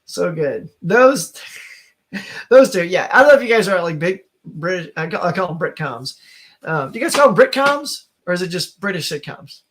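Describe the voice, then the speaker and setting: A high-pitched middle-aged man chats casually with his live viewers. He laughs often and rambles, restarting his sentences as he thinks aloud. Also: very animated, normal speed, fairly bright tone, breathy edge. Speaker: host. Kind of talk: casual live-stream chat.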